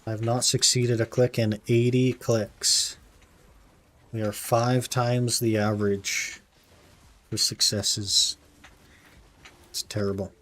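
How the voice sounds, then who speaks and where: A man's voice: lowish voice, flat delivery, takes it slowly, long pauses, fairly bright tone. A young man streaming a game, chatting casually and laid-back with his viewers, often calling them "man". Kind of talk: casual live-stream chat while gaming.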